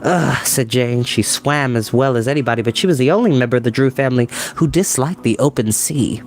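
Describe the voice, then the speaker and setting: A man voicing a sensitive but spirited young girl in a read-aloud storybook, raising his voice high and plaintive. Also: fairly quick, natural voice. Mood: squeamish.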